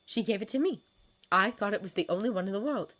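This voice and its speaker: A woman's voice: medium pitch, lively intonation, fast, voice pushed up. A woman reading a fanfiction story, voicing a fierce, defiant young woman who snaps back emphatically. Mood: subdued. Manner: sharp, snapping, emphatic.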